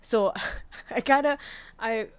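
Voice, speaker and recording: A woman's voice: fairly high pitch, slow, clean tone. A woman streamer telling a story in casual chat, candid and profane, with many fillers and restarts. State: tearful, voice breaking. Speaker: VTuber streamer.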